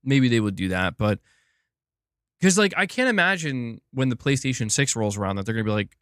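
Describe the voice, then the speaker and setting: A young man hosts a casual gaming live stream, thinking out loud and restarting his sentences as he reacts to viewer comments. His voice sits at a middling pitch. The close mic sounds dry, with no room echo. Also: lively intonation, brisk. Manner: rambling, many "like" fillers and restarts.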